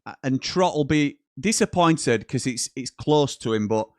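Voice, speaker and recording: A man's voice: mid-range voice, moderate pace, no room sound, studio quality. A man hosting a live football watchalong, chatting and reading out viewer messages between bits of commentary. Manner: chatty, reads out live chat messages, excitable at goals. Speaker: watchalong host.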